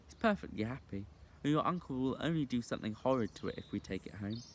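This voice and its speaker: A man voicing a young, earnest and sensible girl in an audiobook reading, with a high, eager, urging voice. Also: animated, fast, slight background noise, natural voice.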